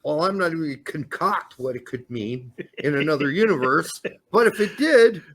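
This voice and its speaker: A man co-hosting a casual sports talk show, joking and animated as he talks. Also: fairly high pitch, normal speed. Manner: lively, joking, animated delivery. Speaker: podcast co-host.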